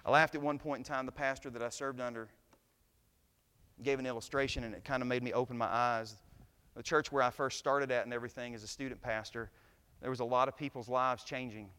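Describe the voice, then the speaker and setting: A man preaching a sermon to his church, telling stories and building to loud, impassioned climaxes. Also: mid-range voice, fairly even intonation, brisk, clear, resonant tone, long reverb tail. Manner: preaching, swells to shouts at climaxes. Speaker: pastor. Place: church sanctuary.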